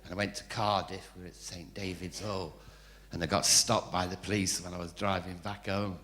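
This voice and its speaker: A man's voice: sits low, fairly even intonation, moderate pace. An older man doing a camp stand-up routine on a club stage, teasing the audience cheekily. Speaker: stand-up comedian. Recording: echoey room with loud audience noise.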